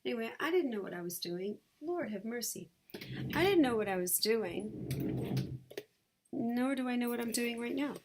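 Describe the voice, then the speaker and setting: A woman vlogging from her sunlit bedroom, sharing a personal story in a candid, halting way with many fillers. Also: a little high, noisy background.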